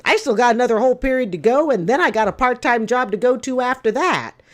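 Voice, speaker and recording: A woman in her fifties reacts to call-in show clips with casual, opinionated commentary, blunt and emphatic, lecturing and addressing people directly while repeating her points to drive them home. She speaks at a quick pace in a voice on the high side.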